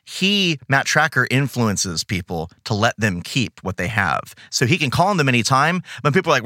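A man's voice: mid-range voice, very animated, fairly quick, few pauses, bright, forceful tone, no room sound. A man hosting a podcast in casual, jokey chat with theatrical asides, recorded close on a dry mic. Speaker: podcast host.

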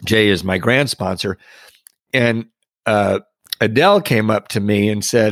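A middle-aged man, a podcast guest, earnestly telling a personal recovery story with reflective pauses and soft laughs. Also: lowish voice, expressive, no room sound, clean studio sound.

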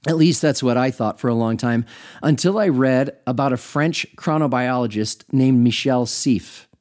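Male podcast host, middle-aged, mellow and warm, reflective and chatty, breaks into little asides. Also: medium pitch. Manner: conversational, self-amused, with asides to the listener. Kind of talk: reflective spoken teaching.

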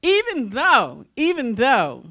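High, bright-voiced woman minister preaching. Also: takes it slowly. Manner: folksy, animated, call-and-response preaching. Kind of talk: sermon.

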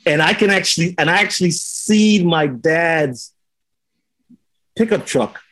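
A man in casual chat, telling a story in an animated way and acting out the lines of the people in it. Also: fairly high pitch, unhurried, dry recording, rough recording. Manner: animated storytelling, acts out quotes with swearing.

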